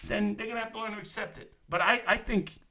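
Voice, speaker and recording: A man's voice: sits high, steady tone, quick pace, sharp tone. A man hosting a crude comic call-in chat, rambling and profane, often laughing at his own jokes. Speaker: host of a live advice stream.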